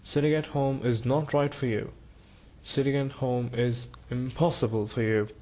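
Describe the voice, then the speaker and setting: A man reading a storybook, voicing a grave, probing male doctor who speaks deliberately, with grunted pauses. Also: mid-range voice, fairly even intonation, warm tone, lightly acted. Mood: insistent.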